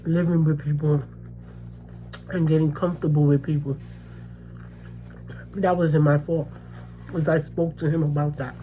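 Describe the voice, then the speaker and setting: A woman's voice: low-pitched, fairly even intonation, a little slow, pauses often, mellow, slight background noise. A woman from the Bronx, telling a personal story to camera in casual vlog talk, emphatic and repetitive, checking in with "okay?" and "you know what I mean?". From the Bronx, New York. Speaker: mukbang vlogger.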